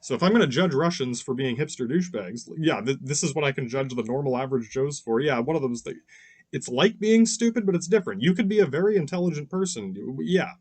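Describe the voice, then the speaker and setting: A man's voice: fairly high pitch, expressive, fast talker, a little mellow, husky. A man hosting a podcast, delivering a rambling, profane monologue that keeps breaking off into "yeah" and restarts. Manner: profane, restless, self-interrupting with frequent "yeah" fillers. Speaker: podcast host.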